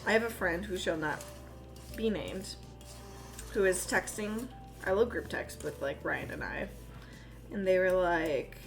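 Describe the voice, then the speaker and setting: A woman live-streaming while she bakes, chatting in a rambling, casual way, swearing freely and cooing in a high voice at her dogs. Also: moderate pace. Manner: coos in a high voice when talking to her dogs. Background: music.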